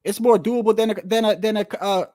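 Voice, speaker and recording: High-voiced man ranting about boxing. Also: steady tone, fairly quick, darkish tone. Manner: heated, repetitive, rhetorical questions; profane, slangy. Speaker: boxing commentator. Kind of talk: casual rant to the audience.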